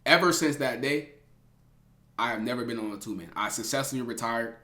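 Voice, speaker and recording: A man's voice: mid-range voice, fairly quick. Slangy young man, roomy echo. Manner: animated, slangy, laughs often, swings between loud and hushed. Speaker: streamer telling a story to live chat. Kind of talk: casual storytime to chat.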